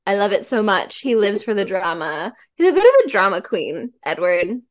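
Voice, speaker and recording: Gushing, animated woman podcast guest. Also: mid-range voice, normal speed. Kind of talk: casual podcast chat.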